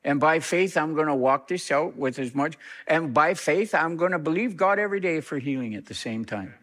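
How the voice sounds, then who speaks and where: A middle-aged reverend, a man, telling a story in an interview, lively and acting out what others said. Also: moderate pace. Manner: animated storyteller, acts out quoted speech with big pitch jumps.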